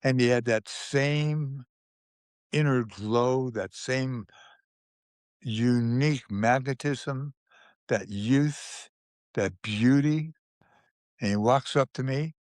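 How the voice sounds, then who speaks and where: An older man, a guest in an interview, tells stories from his past at a slow, easy pace. He often restarts a phrase and chuckles softly. His voice sits in a middle register and is recorded close and dry, with no room sound. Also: mid-range voice, dry recording. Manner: unhurried storyteller, with frequent restarts and chuckles. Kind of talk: telling anecdotes in a conversational interview.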